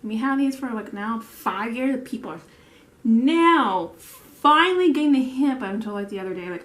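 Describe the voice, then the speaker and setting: A woman's voice: fairly high pitch, expressive, moderate pace, fairly bright tone, echoey room. A woman telling rambling work stories while doing her makeup, full of restarts and fillers. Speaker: vlogger; bakery store worker. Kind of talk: get-ready-with-me chat while doing makeup.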